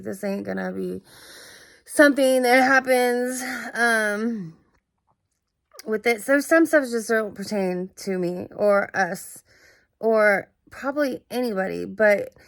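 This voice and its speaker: A young woman talking about her own experiences in a halting, earnest way, full of fillers and restarts. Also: mid-range voice, vocal fry, dry recording. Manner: earnest and searching. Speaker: vlogger. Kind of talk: casual personal monologue.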